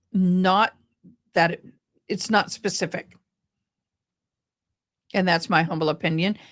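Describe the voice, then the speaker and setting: A tired, grieving woman hosting a casual livestream chat, talking slowly with frequent pauses and ums. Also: medium pitch. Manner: slow, meandering, with frequent ums. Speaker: livestream host.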